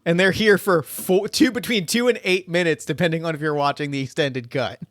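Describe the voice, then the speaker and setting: Brief: male podcast co-host, slightly higher voice, giggly and enthusiastic, dry close mic. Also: brisk, a bit bright, dry recording. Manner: laughs often, quotes movie lines in silly voices. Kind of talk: casual podcast chat.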